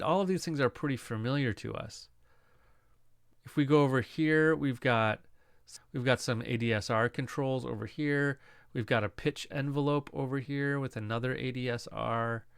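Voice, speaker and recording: A man explaining music production software in a casual, conversational lesson, asking rhetorical questions as he goes. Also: medium pitch, smooth, no room sound, studio quality. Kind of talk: screen-recorded software lesson.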